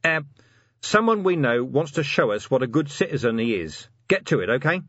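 A man voicing a gruff, harried male city watch commander who gives curt orders. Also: mid-range voice, sing-song, normal speed, fairly bright tone, dry recording, highs cut off.

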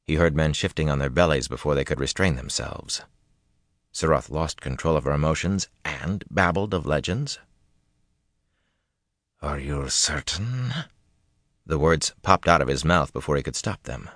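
Male audiobook narrator, very low voice, steady delivery, dry booth sound. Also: moderate pace, no echo. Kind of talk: scripted narration.

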